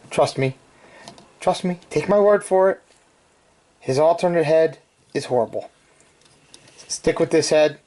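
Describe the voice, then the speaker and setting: A man's voice: fairly high pitch, a little mellow. A man chatting casually through a toy review, with joking asides.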